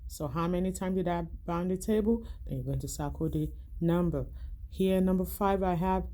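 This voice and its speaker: A woman teacher giving a language arts lesson to young children, calling out each word loud and slow, then asking quietly how many syllables it has. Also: on the low side, a little hiss or hum.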